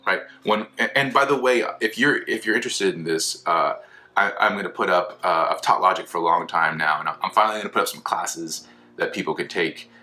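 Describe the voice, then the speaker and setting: Animated, bright-voiced philosophy teacher. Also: male voice, sits low, a little fast. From California. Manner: animated, acts out quoted voices, many restarts. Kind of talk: casual lecture to camera.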